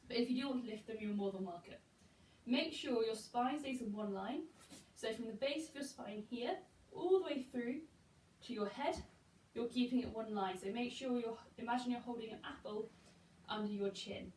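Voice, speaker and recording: Pilates coach in an echoey room. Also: female voice, a little high, normal speed, a little mellow, distant mic. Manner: encouraging, counts reps aloud. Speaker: pilates instructor. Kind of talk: guided workout instruction. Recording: echoey room, voice from afar, faint hiss.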